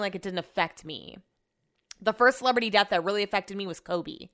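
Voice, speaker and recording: A young woman hosts a solo podcast from her home office, chatting casually and rambling with lots of "like," though she sounds shaken and subdued. Her medium-pitched voice is smooth, a bit bright, and fairly quick.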